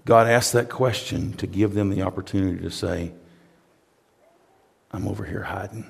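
A man preaching a sermon as pastor, dropping to hushed tones and then building to loud, emphatic, repeated phrases. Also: low voice, normal speed, gravelly, slightly rough.

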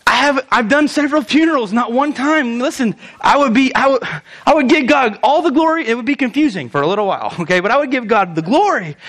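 A young man preaching a sermon as pastor, animated, asking rhetorical questions and acting out quoted lines. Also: very high voice, fast.

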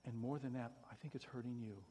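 Pastor guy preaching, goes quiet and pleading then loud and punchy, echoey church hall. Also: mid-range voice, steady tone, quick pace, slight background noise. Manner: swings from hushed pleading to loud emphatic preaching. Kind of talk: sermon.

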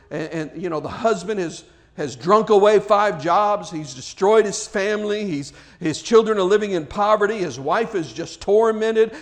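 Male preacher with a high voice; fervent, emphatic sermon delivery with frequent restarts.

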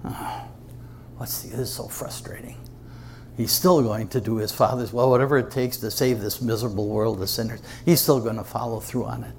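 A sly male devil murmurs temptations in a hushed, coaxing whisper, as a preacher acts him out. The voice is gravelly and low-set. Faint noise sits behind it. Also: steady tone, fairly quick, few pauses, lightly acted. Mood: frustrated.

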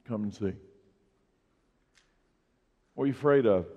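A man's voice: fairly low pitch, measured pace, mellow. A man preaching a sermon as pastor to his church, emphatic and building in force on key points. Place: church sanctuary. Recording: dull, echoey church hall recording.

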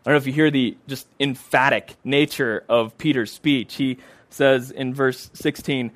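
A man's voice: medium pitch, steady tone, moderate pace, fairly bright tone, no echo. A man preaching a sermon, emphatic and repeating phrases for stress.

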